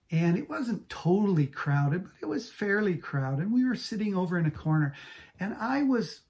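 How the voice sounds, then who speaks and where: A middle-aged man preaching a sermon as pastor, telling a personal story with earnest energy and dropping to a soft whisper for his inner thoughts. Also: fairly high pitch. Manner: earnest storytelling preacher, shifts pace often.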